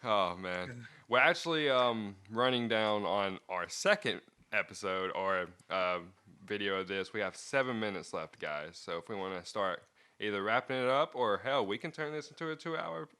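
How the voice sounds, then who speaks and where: A man's voice: fairly low pitch, expressive, normal speed, bright, forceful tone, clear, resonant tone. A man co-hosting a casual podcast, easygoing and steering the conversation. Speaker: podcast co-host.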